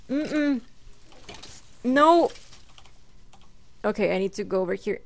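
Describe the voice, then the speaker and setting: Unhurried young woman gaming commentator. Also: animated. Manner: chatty, talks to the game's mobs and her pet; sudden high squeals when startled. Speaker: gaming channel host. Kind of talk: casual Minecraft let's play commentary.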